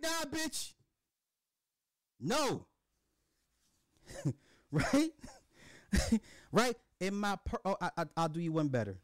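Casual: crude podcast guy riffing a story, highish voice, very dry sound. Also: takes it slowly, pauses often, no echo. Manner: profane, animated, repetitive storytelling. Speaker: podcast host. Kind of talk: dark comedic monologue.

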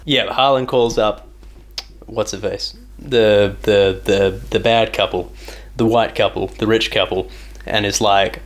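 A man's voice: fairly low pitch, fairly even intonation, a little slow. A man in casual chat about a movie, jokey and chiming in with sarcastic asides.

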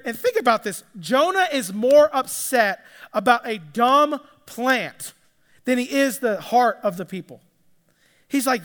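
A man's voice: extremely high pitch, sing-song, unhurried, fairly bright tone. A man preaching a sermon in a conversational way, often restarting and repeating words. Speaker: pastor. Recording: echoey hall with long reverb.

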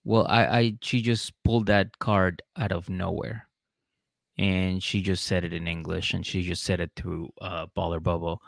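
Low gravelly-voiced man, dry sound. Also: flat delivery, normal speed, dry recording. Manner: laid-back, short reactions, laughs often. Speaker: podcast co-host. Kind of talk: casual chat.

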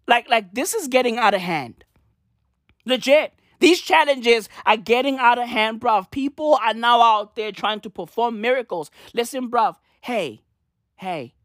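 Woman ranting highish voice, lively swooping delivery, dry close sound, swears constantly, slang-heavy vlogger. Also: dry recording. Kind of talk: profane rant to camera.

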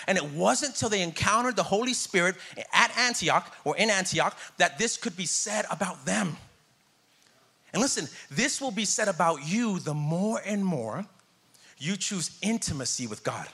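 A man's voice: high-pitched, expressive, moderate pace, creaky, pushed and bright, breathy edge. A man in his thirties preaching a sermon in a conversational, joking way, calling out to the congregation. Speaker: pastor.

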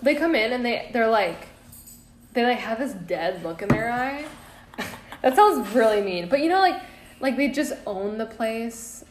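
A woman's voice: fairly high pitch, lively intonation, measured pace. A young woman co-hosting a podcast, chatting casually and swearing freely as she tells stories about her new job. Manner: candid storytelling, swears freely. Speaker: podcast co-host. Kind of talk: casual chat. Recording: echoey room, faint noise.

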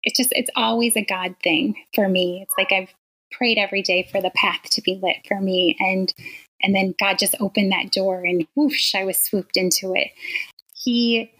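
A woman in her forties from Wisconsin, a teacher telling her story as a guest in a casual interview, earnest and quick to laugh. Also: mid-range voice, fairly even intonation, bright, forceful tone, poor audio.

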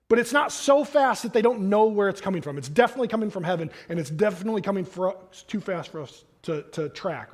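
High-voiced pastor preaching casually. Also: male voice. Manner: animated, conversational preaching with asides; reads scripture aloud, then explains it casually. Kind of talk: sermon.

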